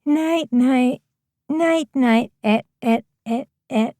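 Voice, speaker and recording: A man voicing a gentle, childlike middle-aged woman who speaks in a sing-song voice in an audiobook. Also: very high voice, extremely slow, no room sound, voice pushed up, exaggerated voice. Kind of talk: audiobook character voice.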